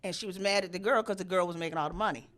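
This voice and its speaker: Bright-voiced woman telling a wild story. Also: rapid-fire. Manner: animated, profane, acts out quotes in loud high voices. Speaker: storyteller host. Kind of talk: casual storytelling chat.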